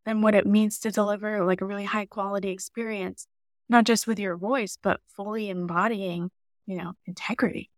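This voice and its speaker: A woman as a podcast guest, telling stories in a lively casual way and often saying "like". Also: medium pitch, normal speed, no room sound, studio quality. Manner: lively storytelling, often says "like". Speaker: podcast guest, marketing mentor. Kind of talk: casual interview chat.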